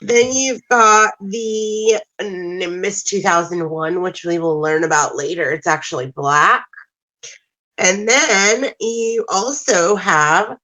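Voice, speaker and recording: A woman co-hosting a podcast, adding unhurried, drawn-out asides in casual chat. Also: mid-range voice, bright, forceful tone, rough recording. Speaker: podcast co-host.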